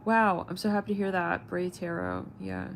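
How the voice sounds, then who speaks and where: A woman with a lowish voice talks casually as a tarot reader on her own channel, wandering from thought to thought with lots of "like" and "you know" and the odd swear. There is a faint hum behind her. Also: sing-song, moderate pace, vocal fry, poor audio. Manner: rambling, searching for words, frequent fillers and swearing. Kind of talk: casual livestream chat.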